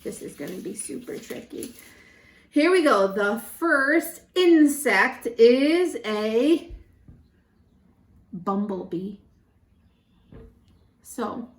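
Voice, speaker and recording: A woman teaching a syllable game to preschool children, animated and encouraging, drawing out words slowly. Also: medium pitch. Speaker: pre-K teacher. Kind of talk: children's lesson. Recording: echoey room.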